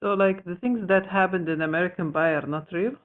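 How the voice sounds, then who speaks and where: A man's voice: high voice, a little fast. A man chatting and joking in a casual group voice chat, laughing often and restarting his sentences. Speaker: voice chat participant. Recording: phone-like voice chat audio.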